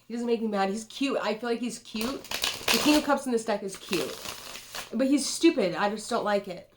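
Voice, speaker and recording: A woman's voice: a little high, normal speed, noisy background. A woman in her twenties who reads tarot, talking in a loose, rambling way with lots of swearing and "dude.". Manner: rambling and profane, says "dude" a lot. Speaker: tarot card reader. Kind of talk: casual rambling tarot vlog.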